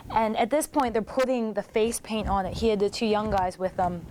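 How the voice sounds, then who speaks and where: A woman in her forties recounts old backstage stories in a relaxed, animated way, slipping into quick acted-out quotes from the people she describes. Her voice sits at a middle pitch, and a faint hiss of background noise runs under the recording. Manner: animated, acts out others' lines in quotes. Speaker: former wrestler recalling her career. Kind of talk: casual storytelling commentary.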